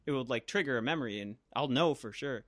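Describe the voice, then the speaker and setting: A man in a casual podcast chat, animated and jokey, with swearing. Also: mid-range voice, fast talker, no echo, clean studio sound.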